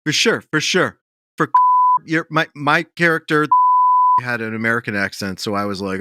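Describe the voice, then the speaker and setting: A middle-aged man, a comedian guest, giving a bossy, rambling, mock-serious improv lecture with deadpan self-importance. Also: medium pitch, moderate pace, slight background noise.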